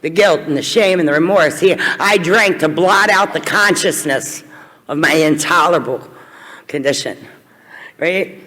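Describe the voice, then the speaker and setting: With a deep, slightly bright voice and an unhurried pace, a middle-aged Kentucky woman addresses a crowd at a recovery meeting with her personal testimony. She is candid and blunt, with humor at her own expense, and the hall gives off a long reverberant echo.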